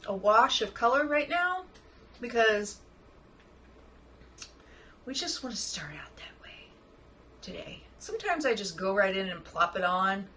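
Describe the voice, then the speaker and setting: A woman chatting excitedly through a makeup tutorial, often dropping to a soft murmur as she works. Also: mid-range voice, a little hiss or hum, poor audio. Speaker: makeup vlogger. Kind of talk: casual makeup tutorial chat.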